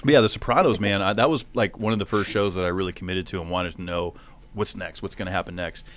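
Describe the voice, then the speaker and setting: Fast-talking low-voiced man host. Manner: rapid, rambling with restarts. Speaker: podcast host. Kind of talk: casual chat.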